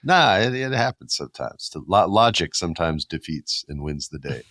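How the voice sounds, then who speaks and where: Brief: male podcast host, lowish voice, animated storyteller, dry close mic. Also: moderate pace, no echo. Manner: animated storyteller, acts out quotes and sound effects. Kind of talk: casual podcast chat.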